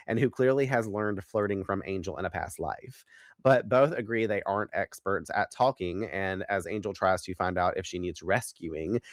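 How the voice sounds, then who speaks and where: A man in his thirties hosting a casual recap podcast, animated and profane, laughing often. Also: deep voice, no room sound, clean studio sound. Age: 30s. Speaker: podcast host.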